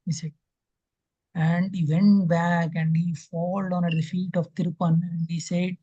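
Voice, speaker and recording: A man's voice: high-pitched, flat delivery, measured pace, mellow, slightly rough, dry recording. A man, teaching an online scripture class and telling a devotional story with acted-out quotes and many fillers. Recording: dull lo-fi call audio.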